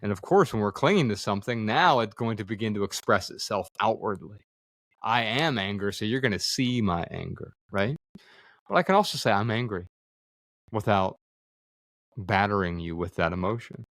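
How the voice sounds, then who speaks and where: A man's voice: lowish voice, animated, normal speed, fairly bright tone, no echo, clean studio sound. A man in his forties, a podcast guest, telling a personal story in an earnest, reflective way and acting out quoted dialogue. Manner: earnest, acts out quoted dialogue, frequent fillers. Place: studio room with others present.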